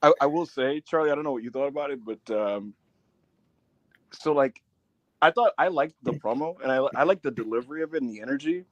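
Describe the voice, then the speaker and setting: A man co-hosting a casual podcast, animated and laughing, often acting out quotes, on a close mic. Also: medium pitch, a little fast, no echo, muffled recording. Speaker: podcast co-host. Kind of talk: casual chat.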